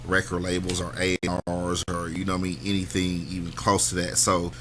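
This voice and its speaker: A man from Kansas hosts a radio talk show, chatting casually in a laid-back interview style with lots of "you know what I mean" and "man." His low voice is completely flat and fairly quick, with crowd noise in the background.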